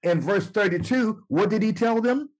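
A man preaching and teaching from the Bible, emphatic and slow to repeat scripture lines. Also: high voice, a little mellow, breathy edge, poor audio. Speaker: apostle and preacher.

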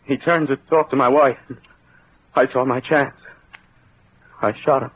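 An actor in a 1940s radio drama playing a prim wealthy husband who talks in a hesitant, defensive way. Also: male voice, medium pitch, fairly even intonation, unhurried, fairly bright tone, husky, no room sound. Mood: nervous. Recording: muffled old radio recording.

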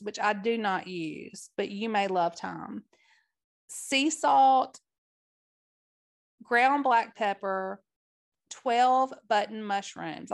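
A woman's voice: mid-range voice, gravelly. A woman podcast host with a Southern accent, reading a recipe and chatting in a friendly, talkative way. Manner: friendly, chatty, addresses listeners as y'all. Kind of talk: recipe reading and interview chat.

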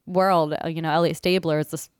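Young female podcast co-host, casual and blunt, sarcastic takedowns, smooth voice, dry recording. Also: low voice, steady tone, brisk, no room sound. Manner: blunt, sarcastic movie reviewing, laughs often. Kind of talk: casual chat.

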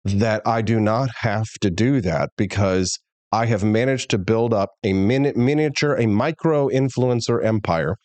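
A man's voice: on the low side, unhurried, darkish tone, no echo. A man hosting a political talk show, speaking candidly and emphatically. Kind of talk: casual political commentary.

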